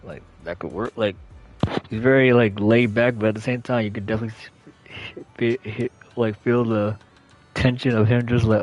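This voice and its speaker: A man's voice: on the low side, steady tone, moderate pace, darkish tone, highs cut off, faint music behind. A young man chatting casually as a channel host, rambling with lots of fillers and self-corrections. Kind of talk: casual chat.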